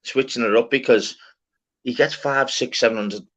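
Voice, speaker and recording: A man's voice: mid-range voice, steady tone, normal speed, a bit bright. A man hosting an open-panel live stream, chatting casually with slangy, swearing banter. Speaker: livestream host. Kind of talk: casual chat. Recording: dull lo-fi stream audio.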